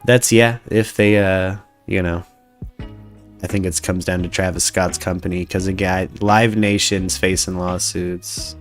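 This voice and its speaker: A man's voice: sits low, steady tone, unhurried, soft background music. Rambling, profane male podcast host. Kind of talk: casual chat reading live chat comments.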